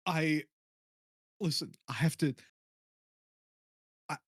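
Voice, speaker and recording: A man's voice: a little high, slow, breathy edge, dry recording, clean studio sound. A man talking on a voice call, giggling, stammering and poking fun at himself. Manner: giggly, stammering, self-mocking. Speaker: streamer friend on a call. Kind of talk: casual call chat.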